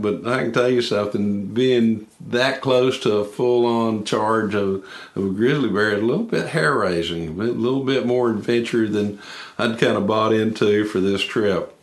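A man's voice: fairly low pitch, moderate pace, reverberant. Folksy man telling a hunting tale. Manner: folksy, drawling, many restarts and "I said". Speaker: hunter telling a story. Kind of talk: casual spoken storytelling.

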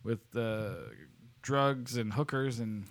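A man's voice: mid-range voice, takes it slowly. A man co-hosting a podcast, playful and laughing along in casual chat. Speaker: podcast co-host.

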